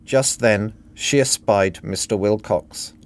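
A man reading his own satirical book parody in a dry, deadpan narration. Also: lowish voice, slow pace.

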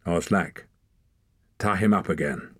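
A man voicing a calm, firm male clan leader in a storybook. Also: deep voice, takes it slowly, no room sound, clean studio sound. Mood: stern.

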